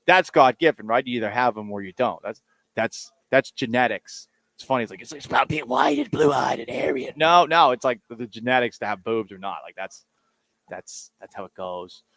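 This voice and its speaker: A man's voice: medium pitch, fairly bright tone, no echo. A man hosting a sports radio show, talking casually in a sarcastic, rambling, self-mocking way.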